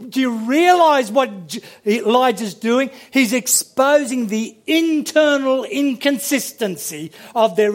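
A man preaching a sermon and reading scripture aloud, animated, often repeating words as he builds a point. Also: extremely high pitch.

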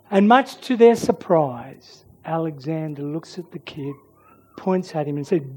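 A preacher giving a sermon and prayer who tells stories dramatically, swinging from loud emphasis to soft near-whispers. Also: mid-range voice, expressive, a little slow, breathy edge.

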